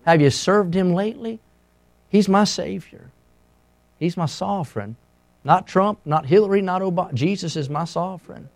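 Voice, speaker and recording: A middle-aged man preaching a sermon as a pastor, impassioned and swinging between loud and hushed. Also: on the high side.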